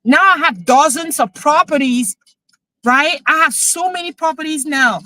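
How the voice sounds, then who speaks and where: A woman, a real estate coach chatting emotionally on a live stream, excited as she talks. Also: high voice, moderate pace, no echo, poor audio. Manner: excited, emotional, switching into French.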